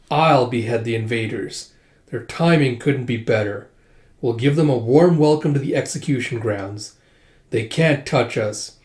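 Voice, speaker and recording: Man voices a smug, lazy lord in a storybook reading: slow bored drawl, roomy room. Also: medium pitch, a little mellow, natural voice. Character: arrogant, lazy powerful male lord. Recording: roomy echo.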